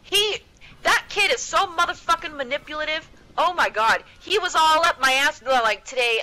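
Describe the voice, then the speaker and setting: A woman's voice: sits high, animated, moderate pace, sharp tone, rough recording. Foul-mouthed woman on a heated rant. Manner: profane, blunt ranting. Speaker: gamer in voice chat. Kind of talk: heated casual venting. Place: home.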